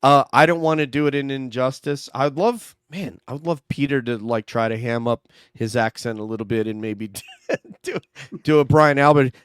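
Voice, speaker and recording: A man's voice: medium pitch, moderate pace, clean tone, no echo, clean studio sound. A man hosting an online true-crime show in casual, loose chat. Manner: loose, chatty, laughs easily. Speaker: host.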